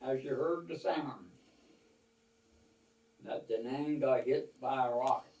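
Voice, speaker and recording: Slow, roomy older storyteller man. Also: mid-range voice, darkish tone. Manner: rambling, folksy, quotes others at length. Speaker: veteran telling war stories. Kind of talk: casual storytelling to a small audience. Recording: roomy, from far off the mic.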